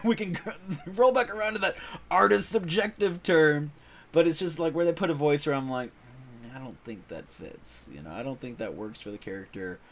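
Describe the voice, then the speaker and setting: A man talking loosely and animatedly as a channel host, his voice sitting in an ordinary middle pitch. He rambles with plenty of fillers and self-corrections, laughing often. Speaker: voice-over actor and comics channel host. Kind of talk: casual rambling chat.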